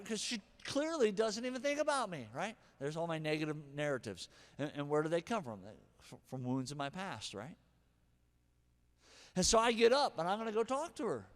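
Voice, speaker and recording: A middle-aged man preaching a sermon as pastor, animated, moving from hushed asides to shouted punchlines. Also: sits high, a little fast. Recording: long hall reverb.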